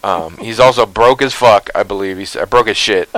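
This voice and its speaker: A man's voice: on the low side, normal speed, fairly bright tone, no echo, poor audio. A man co-hosting a podcast, chatting casually and telling rambling, tangent-filled stories. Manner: rambling, tangent-prone storyteller. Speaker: podcast co-host. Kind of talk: casual chat.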